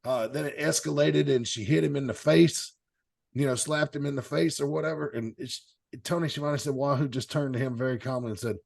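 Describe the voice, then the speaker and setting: A man's voice: medium pitch, fairly quick, vocal fry, a little mellow. A man hosting a casual panel show, telling rambling anecdotes with chuckling asides. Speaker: host. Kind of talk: casual storytelling chat.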